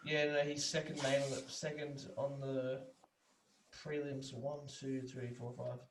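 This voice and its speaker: A man's voice: mid-range voice, little pitch movement, measured pace, noisy background. A young man co-hosting a podcast, chatting loosely about fights and swearing freely. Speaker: podcast co-host. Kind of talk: casual sports chat.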